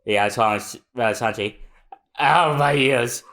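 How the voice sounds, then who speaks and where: A podcast co-host reading a comic aloud in a slow, chatty way, often laughing and trying character voices. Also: mid-range voice, a bit bright. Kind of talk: casual chat, manga readthrough.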